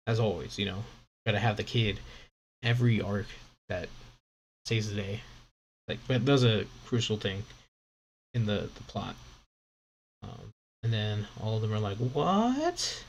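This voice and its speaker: A man's voice: lowish voice, fairly even intonation, unhurried, pauses often, slight background noise. A man streaming live, reading a comic aloud with casual, rambling commentary and lots of fillers.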